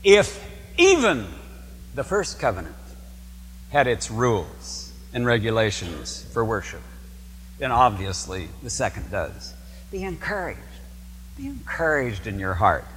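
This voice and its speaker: A man's voice: lowish voice, very animated, measured pace, fairly bright tone, long reverb tail, slight background noise. A man preaching a sermon as a priest, emphatic, asking his congregation questions and repeating key words. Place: church.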